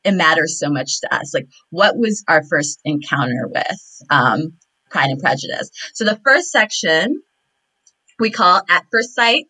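A woman's voice: low-pitched, very animated, a little slow, sharp tone, husky, poor audio. A young American woman co-hosting a podcast, talking casually with plenty of fillers. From United States. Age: young adult. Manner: chatty, lots of fillers. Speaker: podcast co-host. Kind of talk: casual chat.

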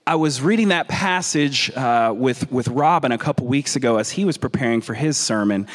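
A man's voice: mid-range voice, expressive, normal speed. A man with a Southern American accent preaching a conversational sermon, often restarting and repeating words. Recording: long reverb of a large hall.

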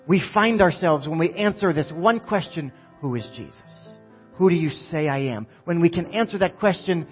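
A man's voice: high-pitched, highs cut off. A middle-aged man preaching a sermon as pastor, passionate and building through repeated phrases. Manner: impassioned, repetitive preaching builds.

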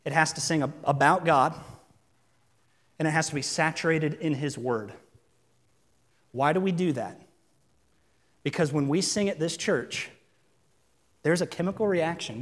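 A man in his thirties preaching a sermon in a church, earnest and conversational, full of rhetorical questions. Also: on the high side. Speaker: pastor. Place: church sanctuary. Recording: long reverb in a large hall.

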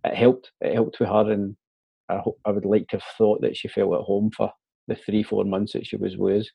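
Scottish man, gravelly husky voice, dark tone, matey casual chat. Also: lowish voice, level tone, brisk, dry recording. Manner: chatty, says "mate" and "man" often.

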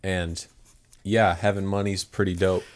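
A man's voice: sits low, flat delivery, a little slow. A young man co-hosting a podcast, laid-back and joking through an improvised bit. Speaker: podcast co-host. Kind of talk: improvised comedy chat.

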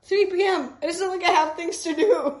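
A woman's voice: very high-pitched, steady tone, moderate pace. A young woman co-hosting a podcast in casual chat, laughing often, swearing and trailing off mid-sentence. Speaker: podcast co-host. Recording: echoey room.

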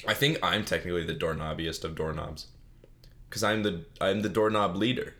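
A man's voice: low voice, moderate pace, a bit bright. Goofy young man rambling alone. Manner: goofy, self-mocking, laughs at own jokes; mock-sobbing bit, put-on crying. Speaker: solo podcast host. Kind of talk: rambling solo comedy chat. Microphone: desk mic.

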